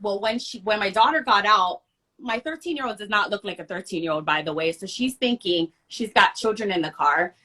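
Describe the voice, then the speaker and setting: A woman from Hawaii, a guest telling a personal story in an animated, emphatic conversational way. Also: medium pitch, brisk. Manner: emphatic, acts out others' lines in the story.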